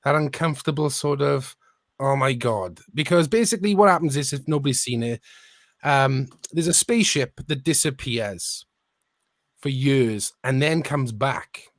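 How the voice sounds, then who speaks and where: A man's voice: medium pitch, moderate pace, no echo, studio quality. A man co-hosting a podcast in casual chat, rambling thoughtfully as he recounts things. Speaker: podcast co-host.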